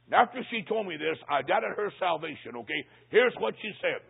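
Brief: high-pitched, gravelly male preacher, folksy comic sermon storytelling, tinny lo-fi recording. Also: expressive, a little fast. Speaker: traveling preacher. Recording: tinny phone-like sound.

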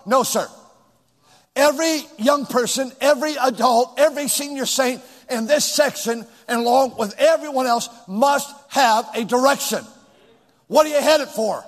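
A middle-aged man preaching a sermon to a large congregation, calling out questions and shouting the answers back with them. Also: very high-pitched, moderate pace. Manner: preaching with call-and-response, rising to shouts. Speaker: pastor. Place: large church with balcony. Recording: long hall reverb.

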